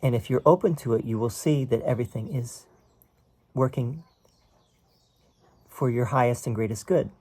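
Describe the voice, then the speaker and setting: A man's voice: mid-range voice, moderate pace, pauses often, dark tone, slightly rough. A man teaching a spiritual text in a casual, conversational way, explaining passages and often checking in with "right?". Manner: explains quoted text line by line.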